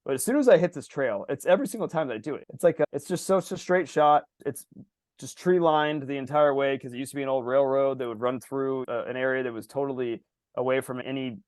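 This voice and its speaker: A man's voice: mid-range voice, fast, no echo, clean studio sound. A man co-hosting a podcast, chatting casually, telling long rambling stories with swearing and acted-out quotes. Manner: rambling, profane, animated storytelling with acted-out quotes. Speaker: podcast co-host. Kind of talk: casual chat.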